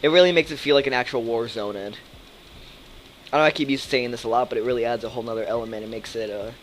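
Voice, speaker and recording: A man's voice: mid-range voice, fairly even intonation, fast talker, a little hiss or hum, poor audio. A young man giving live commentary over a shooter game, rambling and thinking aloud with lots of fillers and swearing. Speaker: let's play commentator.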